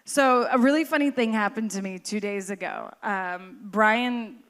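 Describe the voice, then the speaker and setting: A woman in her late thirties co-hosting a live show, telling a funny story with lively swearing. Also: mid-range voice, a little slow. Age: late 30s. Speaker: co-host. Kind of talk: live-show casual chat.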